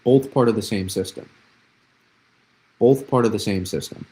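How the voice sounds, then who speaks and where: A man's voice: lowish voice, normal speed, warm tone, poor audio. A young man hosting a live weather analysis stream, explaining patterns with repeated phrases and frequent restarts. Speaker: weather forecaster, host.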